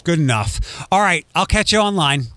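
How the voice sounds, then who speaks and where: A man's voice: a little high, expressive, normal speed, fairly bright tone, clean tone, dry recording. A man, a radio host, chatting casually and restarting his sentences with fillers. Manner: chatty, self-interrupting with fillers. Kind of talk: casual chat.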